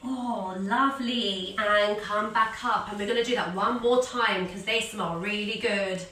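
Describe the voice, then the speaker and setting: A woman leading a children's yoga class as a story, giving animated, sing-song encouragement. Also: mid-range voice, measured pace, recorded from a distance. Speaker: kids yoga teacher. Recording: echoey room, voice off-mic.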